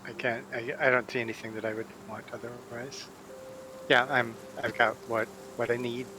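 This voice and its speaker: A man's voice: mid-range voice, flat delivery, normal speed, pushed and bright, slight background noise, rough recording. A man playing a tabletop game, talking hesitantly with trailing restarts. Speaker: player. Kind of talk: casual tabletop game chat.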